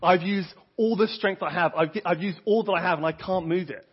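Brief: man voicing a frustrated five-year-old boy, pleading, slightly raised husky voice, dull lo-fi audio. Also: sits high, a little fast. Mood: upset.

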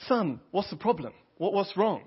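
A man doing a calm, reassuring father. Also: high-pitched, normal speed, husky, pitched above the performer's own voice, exaggerated voice. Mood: gentle. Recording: dull lo-fi audio.

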